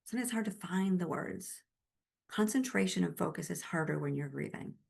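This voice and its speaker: In an interview, a woman who works as a grief support specialist answers questions in a low, slightly gravelly voice. She is emphatic yet gentle and keeps things conversational, speaking fairly quickly with lively intonation.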